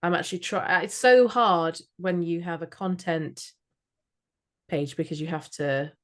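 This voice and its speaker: A woman's voice: lowish voice, measured pace. A woman in her late thirties from Scotland, co-hosting a podcast in chatty, self-mocking casual talk. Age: 30s. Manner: chatty, laughs at herself, swears casually. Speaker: podcast co-host. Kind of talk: casual chat.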